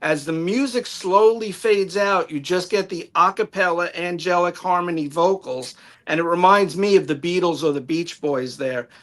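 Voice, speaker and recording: New York man, high voice, reading review notes. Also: normal speed, a bit bright. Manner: reads from notes, detailed and enthusiastic. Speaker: album review panelist. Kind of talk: prepared album review on a live stream.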